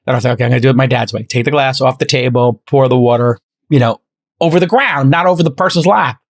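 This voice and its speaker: Fast-talking animated male podcast host. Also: medium pitch. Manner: animated storyteller acting out both sides of conversations. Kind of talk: casual chat.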